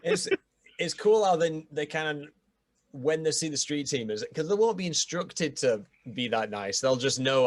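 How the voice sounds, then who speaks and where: A man hosting a casual interview, mostly giving brief relaxed replies. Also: a little high, moderate pace. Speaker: podcast host.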